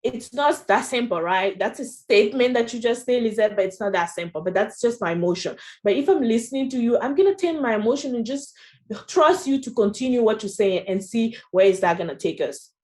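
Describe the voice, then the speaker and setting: A woman's voice: fairly high pitch, expressive, brisk, darkish tone. A woman with a French accent presenting a training session in a chatty way, often adding "you know" and "right?". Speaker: workshop presenter.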